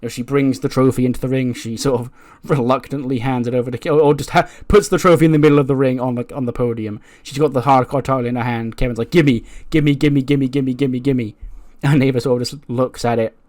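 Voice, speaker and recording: A man's voice: medium pitch, fairly even intonation, quick pace, hardly any pauses, darkish tone, no echo, clean studio sound. A man casually narrating a wrestling management game, chatty with lots of fillers. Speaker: let's play host.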